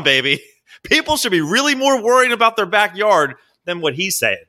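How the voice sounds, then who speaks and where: Lively bright-voiced man telling stories. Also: high-pitched, normal speed. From Baltimore. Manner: animated storyteller, acts out quotes, laughs often. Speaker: podcast co-host. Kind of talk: casual chat, storytelling.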